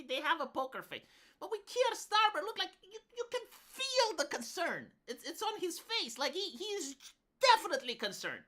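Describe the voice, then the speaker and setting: Woman streaming, bright tense voice, pitched a bit high, lots of "like" and restarts. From Romania. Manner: rambling, filler-heavy, frequent restarts. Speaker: live streamer. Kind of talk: casual live stream commentary.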